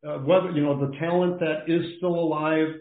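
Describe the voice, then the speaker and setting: A man as a podcast guest, talking casually over the phone in a rambling, halting way with lots of fillers. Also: on the high side, steady tone. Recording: echoey tinny phone line.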